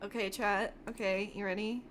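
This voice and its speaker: A woman's voice: medium pitch, steady tone, moderate pace, a bit bright, slight background noise. A woman streamer chatting casually with her viewers, chatty and giggly. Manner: chatty, giggly, addresses chat. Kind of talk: casual livestream chat.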